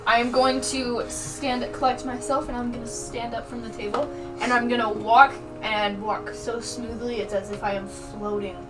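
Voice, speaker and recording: Playful lady at a tabletop game, voice kinda high, mic far off with music going. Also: little pitch movement, normal speed, hardly any pauses. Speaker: player. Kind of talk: casual tabletop game chat.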